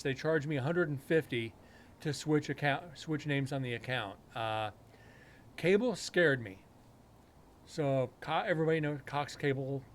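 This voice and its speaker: A man's voice: mid-range voice, slight background noise. A man hosting a live stream, telling a long personal story in casual chat, with rambling and frequent self-corrections. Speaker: paranormal show host.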